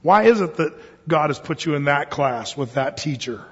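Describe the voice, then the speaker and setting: Husky-voiced male preacher in echoing hall. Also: a little high, normal speed, lo-fi sound. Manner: conversational, animated storytelling with rhetorical questions. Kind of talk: sermon.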